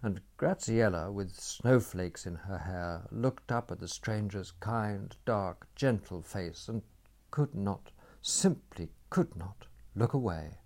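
A man narrating a story in a dry, measured storytelling manner. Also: on the low side, animated, darkish tone.

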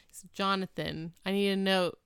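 A woman's voice: mid-range voice, steady tone, normal speed, a bit bright, clean tone, no echo, studio quality. A woman in her thirties co-hosting a podcast, recapping a sitcom in casual chat with lots of "like" fillers. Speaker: podcast co-host.

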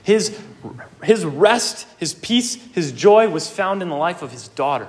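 A man's voice: sits high, animated, unhurried. A young man preaching a sermon, earnest and emphatic, with casual asides.

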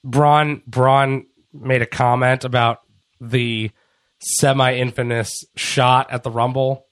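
A man's voice: medium pitch, little pitch movement, takes it slowly, a bit bright, no room sound, studio quality. A man co-hosting a casual wrestling podcast, laid-back and joking, swearing freely. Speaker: podcast co-host.

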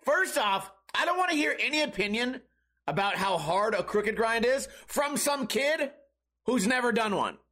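High-voiced man telling rambling stories. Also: animated, moderate pace, bright, forceful tone. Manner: rambling, profane, mimics others in quoted bits. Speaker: podcast host. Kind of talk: casual comedic storytelling.

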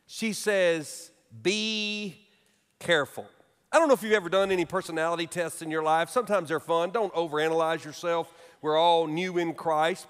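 A middle-aged man preaching a sermon as pastor, telling humorous stories with animated delivery in a church sanctuary. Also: high voice. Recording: long reverb of a large hall.

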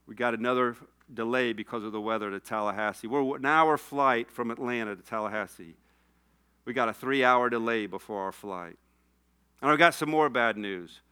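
A man's voice: fairly low pitch, bright, forceful tone, clear, resonant tone. A man preaching a sermon, telling a personal story and rising to passionate appeals. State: tearful.

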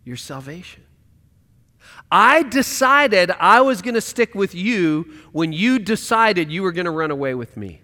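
A man preaching a sermon in a high, bright voice, his delivery swinging widely from loud, impassioned declarations to near-hushed lines. His pitch leaps and falls with every point he makes. The sound carries the long reverb of a large church sanctuary. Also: sing-song, unhurried. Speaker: pastor.

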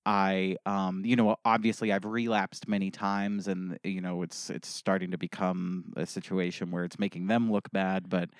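An actor playing a gruff, defensive middle-aged man who drinks and makes threats, heard over a video call. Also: low-pitched, level tone, normal speed, few pauses, no room sound, clean studio sound, close to an everyday voice. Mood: sheepish. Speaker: improv comedy guest.

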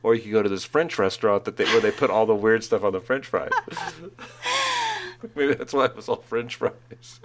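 A man's voice: mid-range voice, wildly swooping pitch, moderate pace, background noise. A middle-aged man telling rambling school stories in casual chat, laughing at his own jokes.

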